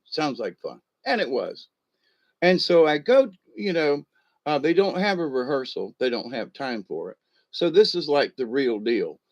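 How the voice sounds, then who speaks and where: A man's voice: mid-range voice, lo-fi sound. Rambling older man telling stories. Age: 60s. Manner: rambling, chuckling, with many fillers. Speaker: storyteller. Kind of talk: casual personal storytelling.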